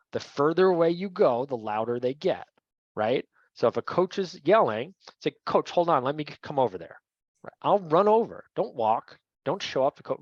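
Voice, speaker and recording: A man in a mid-range voice walks trainees through officiating rules like a coach talking to his crew. He keeps it conversational and keeps checking in with "right?". The sound is dull and lo-fi, with no room echo. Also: mid-range voice. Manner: conversational, repeats "right?" often. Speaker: referee trainer. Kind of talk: training lecture.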